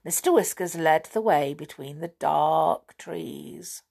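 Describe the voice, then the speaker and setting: A woman reading a children's book aloud, gentle and expressive. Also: low voice, slow pace, gravelly. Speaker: storyteller.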